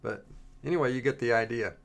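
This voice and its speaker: A man presenting a coding tutorial in a relaxed, halting way, with frequent pauses and restarts as he works through the demo. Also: medium pitch, creaky. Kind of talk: screen-recorded coding tutorial.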